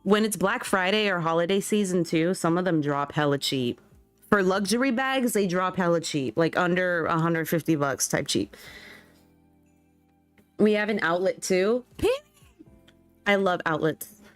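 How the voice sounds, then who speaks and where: A woman's voice: lowish voice, expressive, measured pace, no room sound, faint music behind. A young woman streaming and chatting casually with her viewers. She reacts to chat and laughs often.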